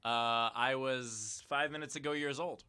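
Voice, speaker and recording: A man's voice: mid-range voice, normal speed, sharp tone, a little hiss or hum. A male host of an online show, chatty and upbeat as he plugs donations and jokes with a guest. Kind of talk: casual online show hosting.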